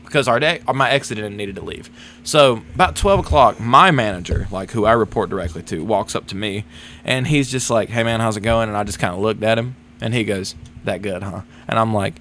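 A man's voice: fairly low pitch, fairly quick, slight background noise. A young man co-hosting a podcast, telling a work story in casual chat, swearing freely and acting out what others said. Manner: animated storytelling, casual swearing, acts out quotes. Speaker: podcast co-host.

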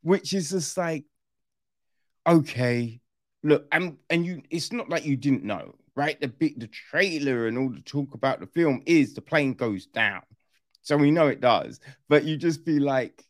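Male film reviewer, animated and slangy, slow delivery, dry close sound. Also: on the high side, no echo. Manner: chatty and animated, with frequent tag questions and slang. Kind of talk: casual spoken film review.

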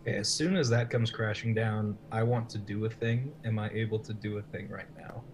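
A man's voice: on the low side, steady tone, fairly quick, a little hiss or hum. A man playing in a tabletop game, describing his character's actions with many fillers. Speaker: player. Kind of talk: casual tabletop play.

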